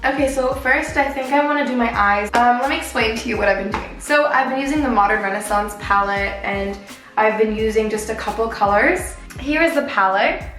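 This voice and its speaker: Young woman, twenties, casual storytime vlog, animated and filler-heavy, faint music under a roomy echo. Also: a little high, brisk. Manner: animated, chatty, many "like" fillers. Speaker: beauty vlogger. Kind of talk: casual storytime vlog while doing makeup.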